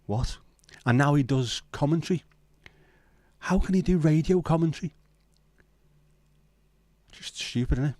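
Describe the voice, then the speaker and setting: A man's voice: on the high side, normal speed, pauses often, darkish tone, no echo. A man hosting a casual livestream chat, chatty and sweary with self-deprecating humour. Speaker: livestream host.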